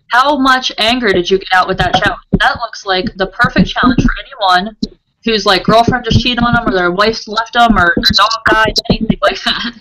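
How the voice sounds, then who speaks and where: An upbeat woman running a casual interview. She talks in a chatty, easygoing way and is quick to agree with her guests. A clear hiss of noise sits under her voice throughout. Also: medium pitch.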